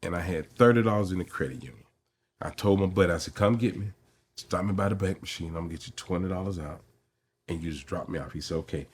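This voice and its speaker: A middle-aged comedian, a guest in an interview, tells animated stories and performs the voices of the people in them. His voice is low-pitched and quick, with a little hiss or hum in the audio.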